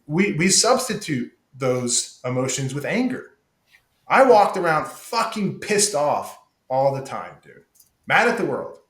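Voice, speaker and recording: Guy guest on a podcast, swears a lot, keeps saying dude, bit high voice, echoey room. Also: big pitch swings, unhurried, a bit bright. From United States. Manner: profane, emphatic, says "dude" a lot. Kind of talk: casual candid conversation.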